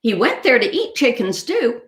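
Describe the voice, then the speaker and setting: A woman librarian reading picture books aloud to children, expressive and asking them questions. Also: fairly high pitch, normal speed, roomy sound. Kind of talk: storytime read-aloud. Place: library room.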